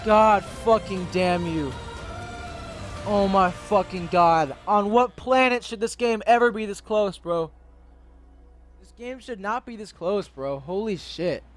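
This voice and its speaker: A young gaming channel host rages through live commentary on his own basketball game, yelling at the players and swearing constantly. His voice is high and his pace slow, with game music playing behind him.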